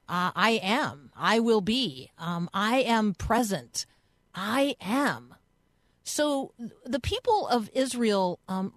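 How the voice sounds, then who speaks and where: A woman hosts a radio program and unpacks a Bible passage in an earnest, explanatory voice. Her pitch sits in the middle of the range, and the studio sound is dry and close. She talks it through casually, as if thinking aloud. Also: no room sound. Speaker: radio host. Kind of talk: conversational Bible teaching on radio.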